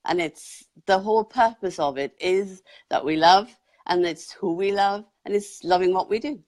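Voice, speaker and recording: A woman's voice: medium pitch, normal speed, a little mellow. A woman hosting a casual live chat who speaks in an earnest, reflective way. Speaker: host.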